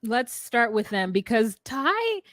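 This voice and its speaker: A woman's voice: on the high side, big pitch swings, slow, a bit bright, no echo. A woman co-hosting a casual reality TV podcast, blunt and profane, acting out the scenes she retells. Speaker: podcast co-host. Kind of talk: casual chat about reality TV.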